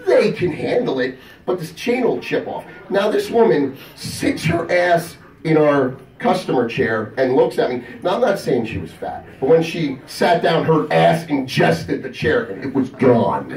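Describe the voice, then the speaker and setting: A man's voice: on the high side, a little slow. A man telling crude stories on a convention stage, acting out the people in them. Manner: animated, crude, acts out the people in his stories. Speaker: comedian telling a story on stage. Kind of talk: stand-up storytelling. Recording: echoey room, mic from a distance.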